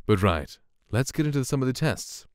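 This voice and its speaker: A man around twenty, a streamer and voice actor, reviewing a microphone in a relaxed, rambling, soft-spoken way, close to a studio condenser mic. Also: medium pitch, moderate pace, smooth, dry recording. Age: 20s.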